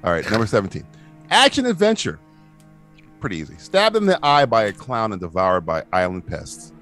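A man's voice: fairly low pitch, big pitch swings, brisk, a bit bright, faint music behind. A man hosting a casual movie quiz podcast, reading out clues, swearing and laughing often. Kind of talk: casual chat.

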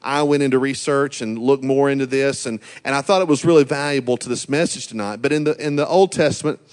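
A middle-aged man preaching a sermon as a visiting pastor, speaking at an ordinary pitch for a man. He is earnest and encouraging. He pauses often on "uh" as he moves between thoughts. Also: clean tone. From Georgia, USA. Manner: earnest and encouraging, with frequent "uh" fillers. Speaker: guest pastor.

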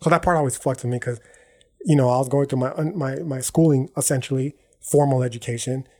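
A podcast host with a medium-pitched, slightly mellow voice speaks a little fast. He rambles through a casual, profane, slang-filled monologue, correcting himself and dropping "right?" and "dog" along the way.

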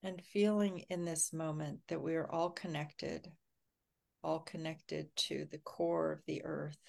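A woman co-hosting a livestream, talking softly and calmly as she guides a grounding meditation. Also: low voice, creaky. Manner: slow, soft-spoken, calming. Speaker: co-host.

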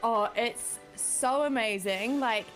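Giggly New Zealand woman, slightly high. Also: slow, a bit bright, faint music behind. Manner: chatty, giggly, swearing. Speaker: podcast co-host. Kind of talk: casual chat.

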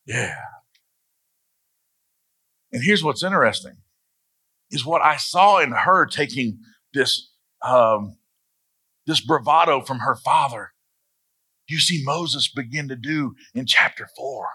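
A man's voice: medium pitch, expressive, a little slow, long pauses, sharp tone, slightly rough. A man, preaching a sermon and telling stories as a pastor. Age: 40s. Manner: storytelling, acts out voices in anecdotes.

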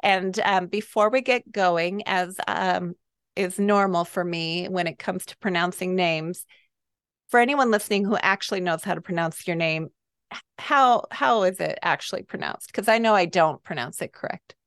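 A woman's voice: on the low side, moderate pace, a bit bright, clear, resonant tone, dry recording, clean studio sound. A middle-aged woman hosting a casual podcast chat, effusive and chatty with frequent ums. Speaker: podcast host.

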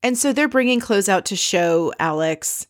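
A woman's voice: mid-range voice, lively intonation, moderate pace, dry recording, studio quality. Blunt, exasperated woman recapping a show. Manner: blunt, exasperated, swears freely. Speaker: podcast host recapping a reality show. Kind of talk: casual recap commentary.

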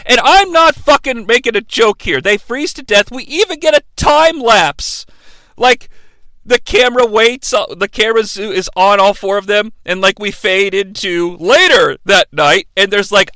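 A man tears through a movie recap in a swearing, joking rant. His voice is high and bright, swinging widely in pitch. The dry, close sound keeps it right up front. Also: normal speed, no room sound. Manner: animated, profane, joking. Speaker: movie reviewer host.

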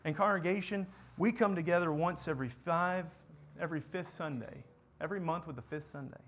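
A man preaching a sermon, building to impassioned repeated questions and sinking to quiet, earnest prayer. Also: a little high, fairly quick. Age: adult parent.

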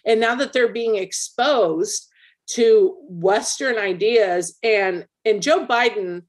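A woman's voice: medium pitch, slow pace. A woman co-hosting a casual podcast, explaining her views at length in an emphatic, opinionated way. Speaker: podcast co-host; military veteran. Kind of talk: casual political chat.

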